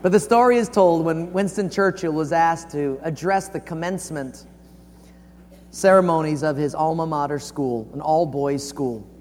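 A man's voice: normal speed, darkish tone, a little hiss or hum. Man preaching in a large echoing hall. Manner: folksy storyteller, acts out quotes with big swings in pitch and volume. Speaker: pastor. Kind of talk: sermon with storytelling.

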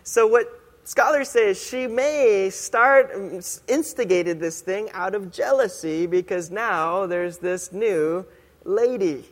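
A pastor preaches in a relaxed, chatty way and slows down hard to stress key phrases. His voice is fairly high and rings with a long reverb from a church hall. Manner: conversational, casual, with slow, emphatic punchlines. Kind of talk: sermon.

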